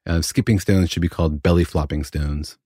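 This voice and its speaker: A man's voice: deep voice, steady tone, fairly quick, dark tone, no room sound. A man co-hosting a casual science chat, explaining things patiently and often checking in with "right?". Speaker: podcast co-host explaining physics.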